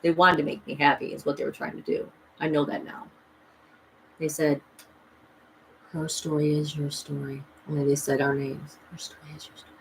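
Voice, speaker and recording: A woman's voice: sits low, flat delivery, moderate pace, long pauses, a little hiss or hum, poor audio. A woman vlogging a rambling, emphatic personal story, full of restarts and voices she quotes. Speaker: spiritual vlogger.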